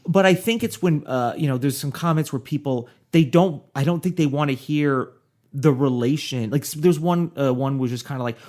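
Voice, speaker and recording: A man co-hosting a paranormal comedy podcast, talking in a rambling, halting way with lots of fillers. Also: a little high, a little mellow. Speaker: podcast co-host. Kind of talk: casual chat.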